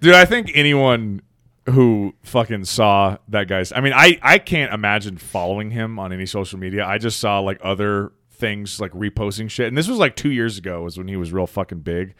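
A man's voice: expressive, normal speed, pushed and bright, dry recording, clean studio sound. A young man co-hosting a casual podcast, swearing freely and joking that he is turning grumpy. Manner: profane, jokingly grumpy, sways between high and low. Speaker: podcast co-host.

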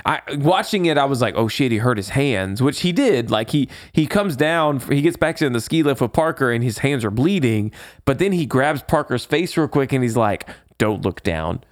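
Lively, animated male podcast co-host. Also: mid-range voice, moderate pace. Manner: animated storytelling, acts out lines, swears freely. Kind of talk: casual chat recapping a movie.

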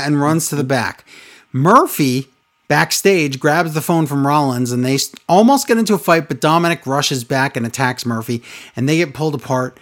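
A woman's voice: sits low, expressive, normal speed. A woman co-hosting a casual recap podcast, telling the story with sarcastic exasperation and mocking impressions. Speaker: wrestling recap podcast co-host.

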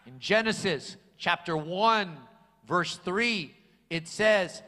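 A man's voice: high-pitched, animated, slow pace, pushed and bright. A male pastor preaching a sermon, emphatic and repeating his key phrases for weight. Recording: long hall reverb.

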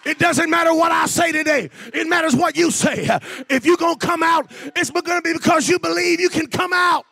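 A man preaching a sermon, shouting in a sing-song cadence with "uh" breaths between phrases. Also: extremely high pitch, steady tone, fairly quick, vocal fry, hardly any pauses.

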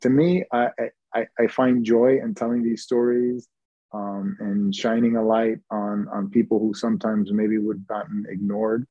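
A man guest talking in a relaxed, easygoing way in an interview, with lots of ums and restarts. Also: fairly low pitch, moderate pace, no echo, lo-fi sound. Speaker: guest, TV host and founder. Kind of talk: casual interview chat.

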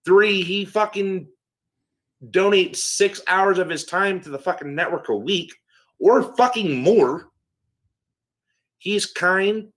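A man's voice: high-pitched, slow pace, pauses often, a bit bright. A man co-hosting a casual podcast chat, emphatic and swearing in nearly every sentence.

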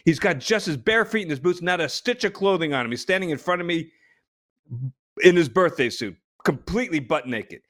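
A man from New Jersey telling a long story as a guest, animated, with frequent restarts and laughter. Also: a little high, brisk. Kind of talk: casual storytelling.

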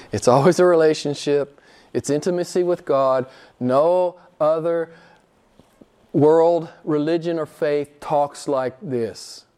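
A man's voice: slow, darkish tone, clear, resonant tone. Emphatic preaching man. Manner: emphatic, rising high when quoting others; asks the congregation questions. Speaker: pastor. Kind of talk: sermon.

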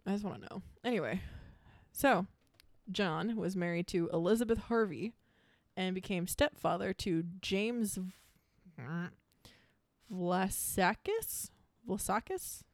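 A woman's voice: mid-range voice, unhurried, dry recording, studio quality. A young woman co-hosting a casual true-crime podcast, giggly and rambling, swearing freely. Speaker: podcast co-host.

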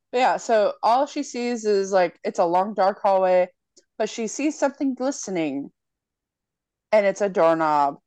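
A woman's voice: medium pitch, dry recording. Young woman animatedly retelling a story. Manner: animated storyteller, swears freely, acts out lines. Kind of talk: casual chat, retelling a horror movie.

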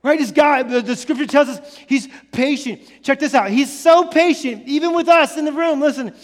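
A man in his thirties preaching a sermon as pastor, animated and conversational, full of rhetorical questions. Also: extremely high pitch, moderate pace. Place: church sanctuary. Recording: church hall with long reverb.

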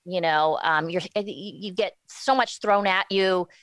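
A woman's voice: lowish voice, a bit bright, clear, resonant tone, dry recording. A woman in her forties talking candidly as an interview guest, often restarting her sentences. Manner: candid, halting with many restarts. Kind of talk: casual interview talk.

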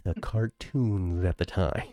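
Deep, slow and dark-toned, another man co-hosts the podcast through a video call using a home computer mic, yet the sound is studio quality with no echo. He keeps the chat casual and laughs often.

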